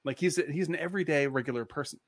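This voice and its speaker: A man's voice: on the high side, rapid-fire, dry recording. A man casually discussing a film, rambling with lots of filler words and swearing freely.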